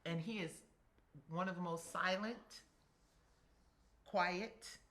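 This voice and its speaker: A middle-aged woman telling a story as an interview guest, animated and blunt, acting out what others said. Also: on the low side, slow. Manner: animated, quotes people in acted voices, swears freely.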